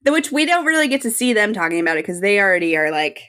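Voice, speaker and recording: A woman co-hosting a podcast, recapping a TV episode in casual chat, animated and laughing often. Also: medium pitch, rapid-fire. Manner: animated, laughs often, reads out her notes. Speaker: podcast co-host.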